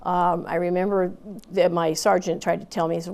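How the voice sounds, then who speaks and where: A woman's voice: on the low side, little pitch movement, brisk, creaky, darkish tone. A woman in her fifties, a Marine Corps veteran, telling her story candidly in an interview with plenty of fillers and restarts.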